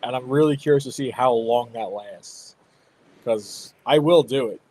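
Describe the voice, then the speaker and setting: A man's voice: medium pitch, unhurried, mellow, rough recording. A man in his thirties hosting a stream, chatting casually about parenting and laughing often. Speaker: livestream host. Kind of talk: casual chat.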